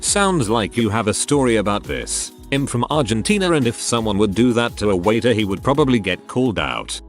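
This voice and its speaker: A man narrating a series of online forum posts in a wry, deadpan way. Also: on the low side, a little fast, faint music behind. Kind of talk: scripted narration.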